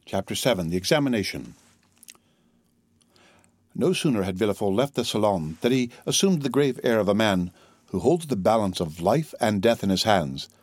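A man narrating a classic novel as an audiobook in a steady, measured reading. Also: on the low side, husky, dry recording.

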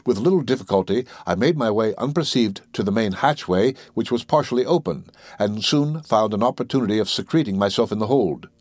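Low-voiced man reading a solemn tale. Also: expressive, darkish tone, no room sound, studio quality. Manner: measured, solemn storytelling. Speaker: narrator. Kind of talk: audiobook reading of classic literature.

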